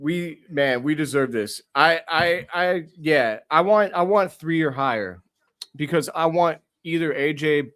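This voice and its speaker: A young man hosting a sports podcast, reacting live with euphoric, profane excitement and lots of repetition. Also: fairly high pitch, unhurried. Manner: euphoric, swearing, repeating himself.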